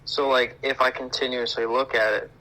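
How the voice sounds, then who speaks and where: A man's voice: medium pitch, level tone, moderate pace, over a noisy crowd, poor audio. A man co-hosting a podcast in casual chat, giving short blunt replies with casual swearing. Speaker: podcast co-host.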